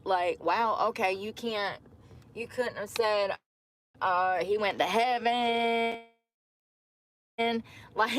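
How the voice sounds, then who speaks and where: A woman's voice: medium pitch, a bit bright, slight background noise. A woman telling a personal story casually to her livestream viewers, calling them y'all. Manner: chatty, addresses viewers as y'all.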